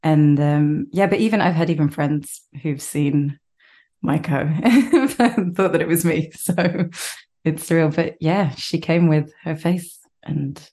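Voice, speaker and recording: A woman's voice: deep voice, measured pace, warm tone. A woman with a posh British accent, a guest actor chatting in an interview and laughing often as she talks. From Britain. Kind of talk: casual interview chat.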